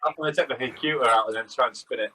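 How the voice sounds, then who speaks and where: A man's voice: medium pitch, racing, pushed and bright, poor audio. A man taking part in a tabletop role-playing game, chatting in character with a rambling, filler-heavy manner. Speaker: player.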